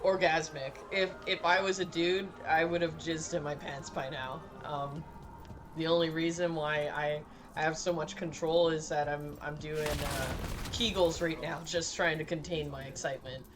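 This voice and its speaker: A woman's voice: low-pitched, steady tone, normal speed, noisy background. Crude joking woman streamer. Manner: crude, joking, laughing, tipsy banter. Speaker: game streamer. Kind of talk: casual live-stream chat.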